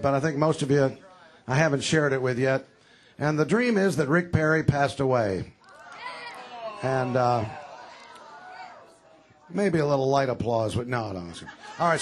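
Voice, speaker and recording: A man giving a rally speech for governor, telling jokes in a dry, halting way with many fillers. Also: a little high. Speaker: candidate for governor speaking at a rally. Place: campaign rally before a crowd.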